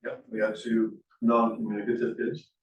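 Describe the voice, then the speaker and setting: A man's voice: on the low side, monotone, moderate pace, dull audio. A man in his thirties in casual chat, talkative with fillers and laughs. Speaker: workshop attendee. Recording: roomy echo, distant mic.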